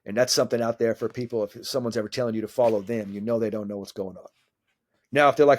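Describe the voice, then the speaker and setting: Animated, low-voiced man in his forties. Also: quick pace. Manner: animated, swears casually, acts out quoted dialogue. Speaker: mental skills coach. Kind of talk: casual podcast interview.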